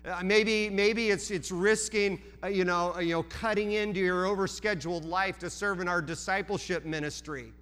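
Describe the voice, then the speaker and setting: A man's voice: high voice, steady tone, moderate pace, few pauses, a bit bright, clean tone, faint music behind. A man preaching a sermon as pastor, earnest, with frequent restarts and repeated words.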